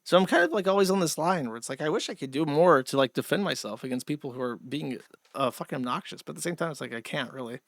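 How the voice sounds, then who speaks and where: A man's voice: on the high side, expressive, quick pace, vocal fry, a bit bright, no echo, studio quality. A man hosting a livestream, reading out viewer donations and going off on profane, rambling rants. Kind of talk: casual livestream chat.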